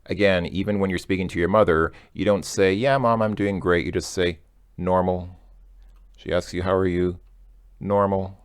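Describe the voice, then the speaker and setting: Very deep-voiced man teaching casually. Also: fairly even intonation, brisk, few pauses, clean tone, dry recording, clean studio sound. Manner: chatty, joking, thinking aloud. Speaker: language teacher. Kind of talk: casual explaining lesson.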